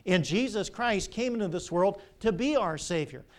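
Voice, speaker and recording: An older pastor preaches in a high, ringing voice. He tells stories with animation and keeps asking the congregation rhetorical questions. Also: lively intonation, moderate pace. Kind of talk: sermon.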